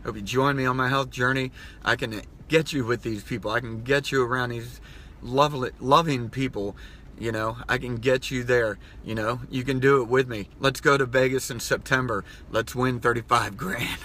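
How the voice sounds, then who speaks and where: A man speaks straight to his followers in a heartfelt, rambling vlog, his voice bright and pushing forward. He repeats himself and chokes up at times. A light hiss of background noise sits under him. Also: medium pitch, steady tone, moderate pace. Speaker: vlogger. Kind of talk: emotional personal vlog.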